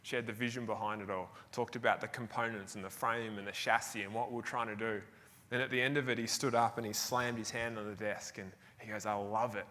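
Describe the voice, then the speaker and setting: Australian man, motivational stage talk, bright forceful voice, energetic storytelling, long hall reverb. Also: on the low side, brisk. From Tasmania, Australia. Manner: energetic storytelling, laughs often. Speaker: keynote speaker. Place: large event hall.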